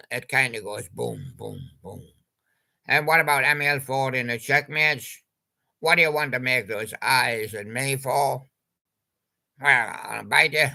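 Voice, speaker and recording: A man's voice: mid-range voice, creaky, bright, forceful tone. An older man, rambling chattily about old pop songs and making jokey wordplay. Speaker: channel host.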